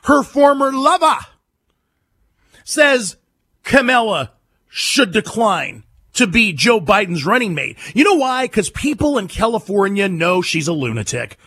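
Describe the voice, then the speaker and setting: A man's voice: high-pitched, big pitch swings, unhurried, sharp tone, husky, no echo. A man hosting a political talk radio show, emphatic and mocking, who repeats his points and hammers them home.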